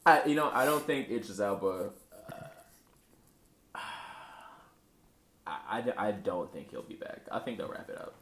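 Low male co-host, very lively pitch, casual banter, echoey room. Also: measured pace, long pauses. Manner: animated, jokey, trailing off. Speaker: podcast co-host. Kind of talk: casual chat. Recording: roomy echo.

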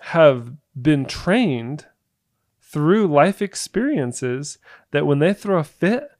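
A woman co-hosting a casual chat, talking in a relaxed, conversational way and adding supportive remarks. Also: deep voice, slow, dry recording, clean studio sound. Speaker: podcast co-host.

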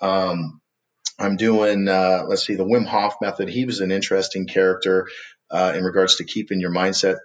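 A man with a lowish voice speaks as a podcast guest. He tells a story with energy and acts out the voices of the people in it. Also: moderate pace, lo-fi sound. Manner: animated storyteller acting out quotes.

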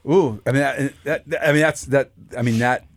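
Putting questions to the other pastors on their discussion show, this male co-host talks loosely and keeps restarting his sentences. His voice is medium-pitched at a normal speed, captured in a dry recording.

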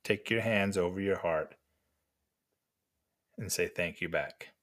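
An older man giving gentle, encouraging life lessons to mentees at an unhurried pace with pauses. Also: deep voice. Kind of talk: motivational talk to mentees.

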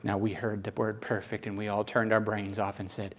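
A man with a Southern American accent preaching a sermon in an animated, playful, emphatic way. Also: fairly low pitch, quick pace, few pauses.

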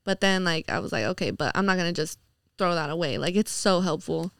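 A woman, telling stories as a podcast guest in relaxed casual chat, full of "like" and the odd swear. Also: on the low side, brisk, vocal fry, clear, resonant tone, dry recording, studio quality. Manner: relaxed storytelling, heavy with "like" and swearing.

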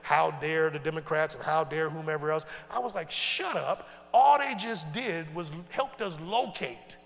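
A male pastor preaching a sermon in casual, folksy speech, asking the congregation questions and swinging from loud to hushed. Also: a little high, moderate pace, vocal fry. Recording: long reverb in a large hall.

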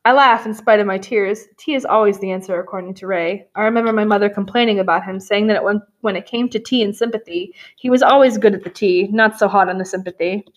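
A woman reads a romance novel aloud for laughs, her voice at an ordinary middle pitch. She keeps stepping out of the text to add dry, sarcastic remarks. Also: fast, few pauses. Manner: wry, sarcastic asides between read passages. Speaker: podcast host reading a novel aloud. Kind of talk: comedic dramatic reading with commentary.

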